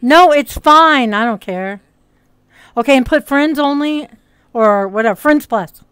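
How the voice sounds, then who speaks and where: Woman streamer, mixed hard-to-place accent, fairly high voice, smooth and clear, rambling casual chatter. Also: measured pace, dry recording, studio quality. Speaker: streamer and hypnotist. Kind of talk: casual livestream chat. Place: virtual reality social world.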